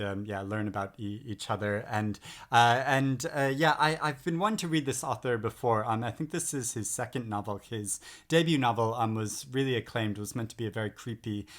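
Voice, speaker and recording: A middle-aged man talking through new books in a casual vlog, enthusiastic and rambling with frequent hesitations. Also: fairly low pitch. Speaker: book vlogger. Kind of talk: casual book-haul chat. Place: home in England.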